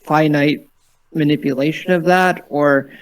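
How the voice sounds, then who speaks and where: A man's voice: fairly high pitch, steady tone, measured pace, clear, resonant tone, poor audio. A man playing a tabletop role-playing game, stammering and repeating himself. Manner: hesitant, stammering, repeats words. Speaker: player.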